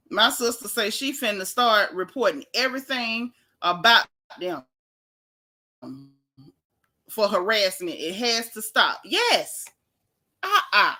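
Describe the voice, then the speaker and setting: A woman's voice: a little high, expressive, unhurried, bright, forceful tone. A woman hosting a livestream podcast, ranting in a casual, exasperated and emphatic way with dramatic repetition. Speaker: podcast host.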